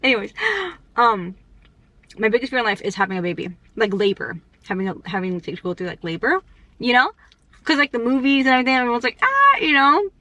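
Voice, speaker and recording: A young woman chatting on her vlog in a loose, rambling way, with plenty of fillers and restarts. She rushes along quickly because she is short on time. Her voice sits a little higher than most women's. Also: sharp tone. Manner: talks fast in a rush. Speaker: vlogger. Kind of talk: casual chat.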